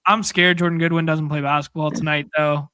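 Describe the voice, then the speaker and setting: Bright, crisp-voiced man talking sports. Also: on the high side, little pitch movement, a little fast, no echo. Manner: rambling, restarts while thinking aloud. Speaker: podcast co-host. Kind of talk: casual fantasy sports chat.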